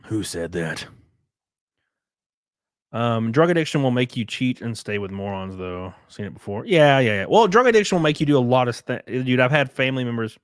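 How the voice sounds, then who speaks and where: Young Southern man, casual streamer, laughs a lot, cusses, close dry sound, average pitch. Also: big pitch swings, fast talker, few pauses, smooth, no echo. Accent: Southern US (Alabama). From rural Alabama. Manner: rambling, laughs often, swears freely. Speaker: livestreamer and race car driver. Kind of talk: casual livestream chat reading viewer comments.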